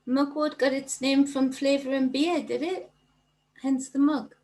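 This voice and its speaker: A middle-aged woman with a Geordie accent talks slowly to her livestream audience, her voice carrying a gravelly fry. She chats with affection and laughs easily as she picks out viewers' names. She sounds like a spiritual coach speaking through a computer mic. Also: high-pitched, steady tone, darkish tone, poor audio. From North East England. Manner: chatty and affectionate, greets viewers by name, laughs often. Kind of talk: casual livestream chat, reading out viewer comments.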